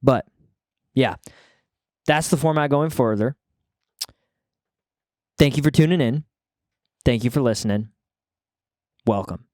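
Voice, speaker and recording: Recorded with studio quality and no echo, a young man with a mid-range, slightly mellow voice hosts his own casual podcast, unhurried and with long pauses. Slightly out of breath after the gym, he rambles, pokes fun at himself, and breaks off sentences to start over.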